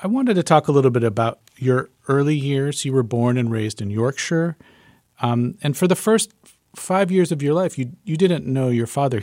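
A man's voice: medium pitch, darkish tone, dry recording. Male interviewer, curious and direct, dry close recording. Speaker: interviewer, host. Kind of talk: interview questions.

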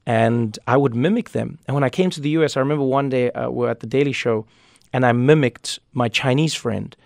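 A man, a comedian and author telling lively stories in a radio interview, often repeating words as he starts a thought. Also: mid-range voice, creaky, no echo, studio quality. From South Africa. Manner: animated storyteller, quick asides, repeats words when starting thoughts.

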